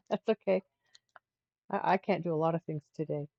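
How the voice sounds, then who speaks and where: A woman's voice: fairly low pitch, vocal fry, mellow, dry recording, muffled recording. A middle-aged woman hosting a livestream, telling a rambling story in casual chat with frequent restarts. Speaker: livestream host.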